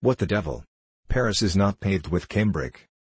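A mild, coldly courteous young musketeer, read by a man. The voice sits low and a little husky, recorded close and dry with no room around it. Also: moderate pace, no room sound. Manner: calm, coldly polite. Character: mild, cool-tempered young male musketeer.

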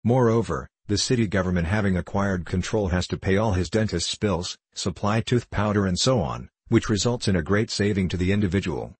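A man reads a storybook aloud in a low, slightly husky voice. His delivery is even and unhurried, and the recording is close and dry with no room sound. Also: dry recording. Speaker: audiobook reader. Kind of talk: scripted storybook narration.

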